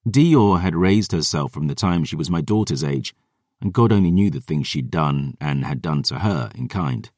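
A man reads a first-person audiobook with dramatic, expressive storytelling. His voice is very deep and moves through a wide, animated range. The recording is close and dry with no room sound. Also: moderate pace, no room sound. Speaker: audiobook narrator.

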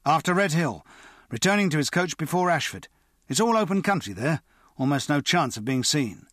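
A man voicing a brisk, bossy male thief in Victorian times, giving curt, urgent orders. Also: on the high side, sing-song, a bit bright, no echo, studio quality, voice pushed up.

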